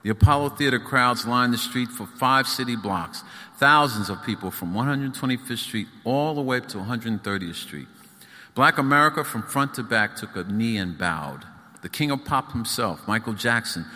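A man reads his own prose aloud at a live event, his delivery rhythmic and emphatic. His voice sits in a middle pitch with a bright edge. The room adds a long reverberant tail. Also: expressive, moderate pace. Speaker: author reading his own book. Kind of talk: live book reading. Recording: echoey hall.

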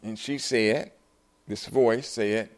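At a live book event, an older author tells a story with animation, acting out its conversations and sometimes leaping up high in surprise, sometimes dropping to a soft voice. He speaks slowly, with fairly even intonation overall.

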